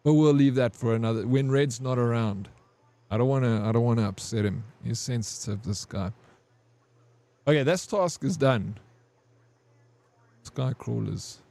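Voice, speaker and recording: A man's voice: mid-range voice, moderate pace, creaky, pauses often, warm tone, dry recording. A man streaming a game, rambling and crude as he tells a long army story to his chat. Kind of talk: casual gaming stream storytelling.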